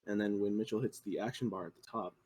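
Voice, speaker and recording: Husky young man explaining a demo. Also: lowish voice, steady tone, darkish tone. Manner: explanatory, halting with fillers. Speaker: student presenter. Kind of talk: software demo walkthrough.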